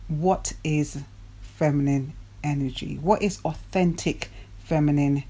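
A woman who works as a dating and self-development coach gives her viewers a motivational talk, asking rhetorical questions and repeating key words for emphasis. Her voice is low-pitched, slow and fairly even, with a dark, slightly rough tone.

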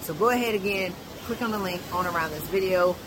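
A speaker doing an upbeat, salesy promotional read for a podcast. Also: male voice, high voice, fast, noisy background. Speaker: podcast host reading an ad.

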